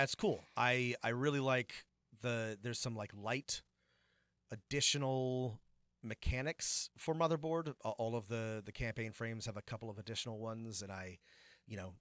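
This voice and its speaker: This game master and podcast co-host has a voice on the low side with a fairly bright tone, heard in clean studio sound with no room noise. At a moderate pace, he chats casually about tabletop games, wandering off with plenty of fillers and false starts.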